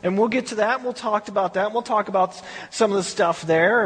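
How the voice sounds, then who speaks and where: Husky-voiced man teaching in a reverberant hall. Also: high voice, fast, few pauses, a bit bright. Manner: conversational, repeats words, many asides. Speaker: bible study teacher. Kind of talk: sermon-style bible teaching.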